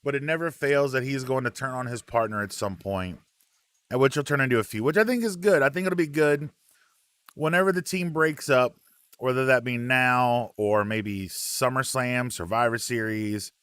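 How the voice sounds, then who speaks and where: A man hosting a relaxed live wrestling chat, reading out viewer comments with plenty of ums and uhs. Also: medium pitch, moderate pace, smooth, no room sound.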